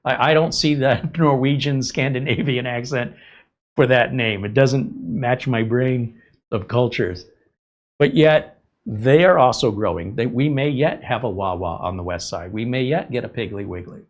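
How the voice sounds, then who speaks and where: A man hosting a tech show, telling a rambling casual story from the US West Coast, chatty and sometimes loud and incredulous. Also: medium pitch, moderate pace, muffled recording. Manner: chatty, gets loud and incredulous when joking. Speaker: tech channel host.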